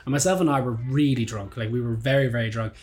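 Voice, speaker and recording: A man in his twenties with an Irish accent, hosting a podcast and telling stories in a lively, swearing, casual chat. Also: medium pitch, fast. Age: 20s. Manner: animated storyteller, swears freely, acts out quotes. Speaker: podcast host.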